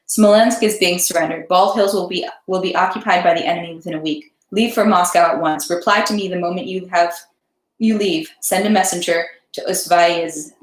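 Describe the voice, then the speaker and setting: A man's voice: sits high, fairly even intonation, brisk, reverberant, natural voice, rough recording. A woman reading aloud, voicing a weary young prince and army officer who gives curt, commanding orders.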